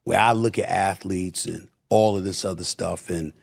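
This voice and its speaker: Husky-voiced blunt, emphatic man. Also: low voice, steady tone, normal speed. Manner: emphatic, blunt, repeats for stress. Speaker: podcast guest, media personality. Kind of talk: casual podcast conversation.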